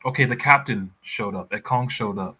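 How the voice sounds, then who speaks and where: A man's voice: lowish voice, normal speed, sharp tone, breathy edge, rough recording. A man in a casual football chat, blunt and heated, swearing freely. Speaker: football pundit.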